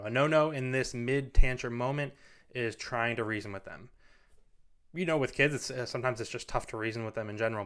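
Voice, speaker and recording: A man's voice: medium pitch, fairly bright tone, clear, resonant tone. A man hosting a parenting talk, giving casual advice in an earnest, rambling way full of "you know"s, standing at a studio microphone. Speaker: parenting video host. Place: standing in front of a mic.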